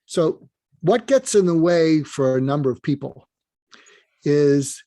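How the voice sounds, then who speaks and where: A man's voice: on the high side, lively intonation, slow pace, mellow, no room sound. A man who is a podcast guest, speaking earnestly and giving advice straight to the listeners.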